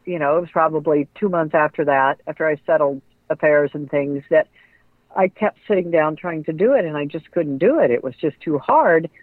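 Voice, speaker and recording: A middle-aged woman, a radio personality and author, telling lively stories in an interview and acting out the voices of people she quotes. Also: sits low, normal speed, no room sound. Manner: animated storyteller who acts out quoted voices. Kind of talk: conversational storytelling interview. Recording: tinny phone-like line, dry.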